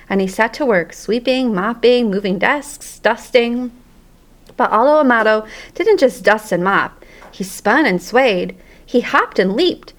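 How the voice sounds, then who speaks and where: Woman storybook narrator, lively, expressive, mid pitch. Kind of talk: storybook reading aloud.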